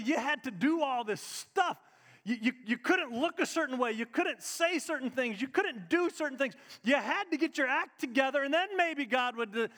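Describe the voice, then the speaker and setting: A male pastor preaching a lively live sermon to his congregation. He talks straight to them and climbs to emphatic peaks. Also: extremely high pitch. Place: church sanctuary with congregation. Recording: reverberant church hall.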